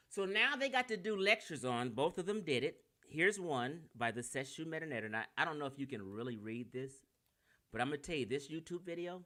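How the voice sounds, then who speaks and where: A man's voice: fairly high pitch, pushed and bright. A man with a Californian accent giving a brash, combative and profane lecture on a livestream while sharing his screen. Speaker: online lecturer.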